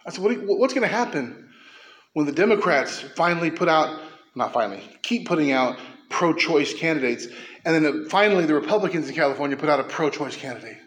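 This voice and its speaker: A man delivers a sermon from the pulpit as pastor. His voice sits a little high for a man, and the church around him rings with echo. He races through asides, then slows into emphatic, impassioned declarations. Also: lively intonation, fairly bright tone.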